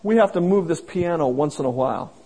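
A man preaching a sermon in a folksy, plain-spoken way, slowing down to stress each scripture quote. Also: a little high, animated, warm tone, husky, poor audio. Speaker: pastor.

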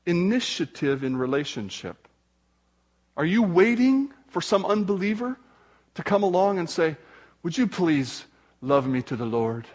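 An older male pastor delivers a sermon with a somewhat high, husky voice. He talks animatedly, jumping into quick put-on voices for the people in his stories, then drops low and soft as he closes in prayer. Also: sing-song.

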